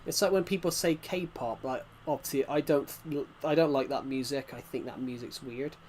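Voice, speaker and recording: A man's voice: medium pitch, normal speed, darkish tone, slight background noise. A man casually chatting to viewers while streaming a game, rambling and restarting sentences as he reacts to the chat. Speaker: game livestreamer.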